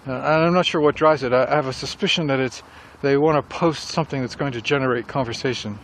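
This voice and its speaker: A fast-talking middle-aged man with a mid-range voice walks and reflects casually on writing dialogue, rambling a little. He is a writer vlogger, and faint traffic noise surrounds him.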